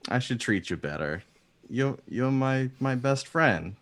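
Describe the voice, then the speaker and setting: A man's voice: medium pitch, expressive, a little slow, fairly bright tone, voice pushed up. A man voicing a sincere, slightly sheepish male adventurer in a tabletop game. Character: earnest male adventurer, devoted to his bird. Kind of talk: tabletop role-play.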